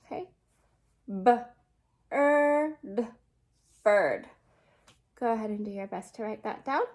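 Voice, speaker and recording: A young adult woman teaching a remote lesson, slowly and patiently sounding out words for children. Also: medium pitch, a little mellow.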